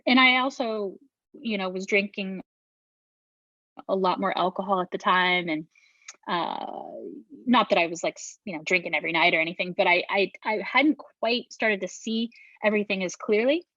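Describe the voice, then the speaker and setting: A woman's voice: medium pitch, normal speed, pushed and bright, no echo, muffled recording. A middle-aged woman telling her story as an interview guest, speaking frankly, swearing casually and often restarting her sentences. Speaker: podcast guest, beverage founder.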